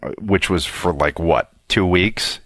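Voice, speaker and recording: A man's voice: deep voice, unhurried, fairly bright tone, no echo, studio quality. A man from Canada co-hosting a podcast, chatting casually with teasing banter. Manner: teasing banter, breaks into sung lines. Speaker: podcast co-host. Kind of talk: casual chat.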